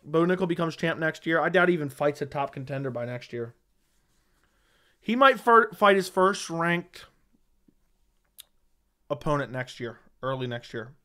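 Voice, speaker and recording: A man's voice: fairly high pitch, lively intonation, normal speed, pauses often, bright, forceful tone. Blunt sarcastic man hosting a livestream. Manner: blunt, sarcastic, slangy replies to chat. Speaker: livestream host reading viewer chat. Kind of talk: casual livestream chat. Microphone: studio microphone.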